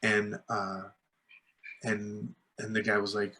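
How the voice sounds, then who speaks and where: A man's voice: fairly low pitch, completely flat delivery, slow pace, bright, forceful tone. A man, a filmmaker guest, tells rambling anecdotes full of fillers and restarts, acting out other people's lines in a raised voice. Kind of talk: casual storytelling in a podcast interview.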